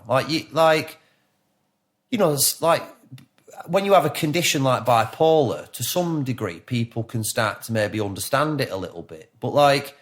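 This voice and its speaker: Animated and talking at a normal speed, this Lancashire man in his 30s chats as a podcast guest, wandering off topic, cursing, and frequently starting over. His pitch sits in the middle range.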